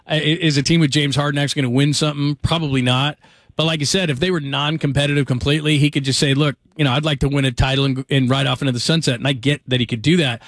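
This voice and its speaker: A man's voice: mid-range voice, fairly bright tone, no echo, clean studio sound. A man hosting a late-night sports call-in radio show, chatting loosely with many "uh" fillers and easy laughs.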